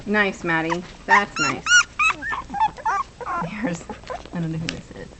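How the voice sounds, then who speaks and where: A woman's voice: lowish voice, fairly even intonation, normal speed. A woman filming a litter of puppies at home, talking casually and cooing at them in baby talk on a camera mic. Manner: coos and baby-talks at the puppies. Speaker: puppy owner filming a litter. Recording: loud background noise, home video.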